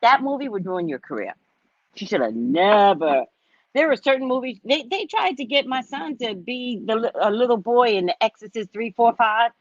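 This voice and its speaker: Casual livestream host: a woman with a husky voice, dull lo-fi sound, profane storyteller. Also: on the high side, animated, normal speed, no room sound. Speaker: psychic reader and host.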